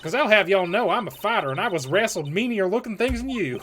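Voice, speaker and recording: A man's voice: sits high, lively intonation, fast, a bit bright, a little hiss or hum, pitched above the performer's own voice. A man voicing a brash, prickly Southern woman photographer with a folksy drawl, reading a game aloud. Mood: suspicious. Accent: Southern US drawl, put on.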